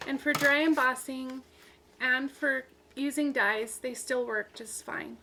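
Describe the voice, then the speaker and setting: A woman's voice: sits high, takes it slowly, background noise. A woman hosting a crafting video, demonstrating and explaining in a practical, plain-spoken way with some fillers. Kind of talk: casual demonstration tutorial.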